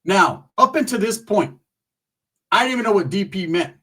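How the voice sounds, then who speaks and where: Husky-voiced man telling a street story. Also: sits high, normal speed, distant mic, poor audio. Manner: profane, streetwise slang, animated. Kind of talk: casual storytelling.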